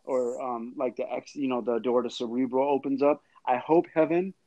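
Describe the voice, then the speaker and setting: A man's voice: mid-range voice, fairly even intonation, normal speed, mellow, rough recording. A man talking casually on a podcast, rambling with lots of fillers. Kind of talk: casual chat.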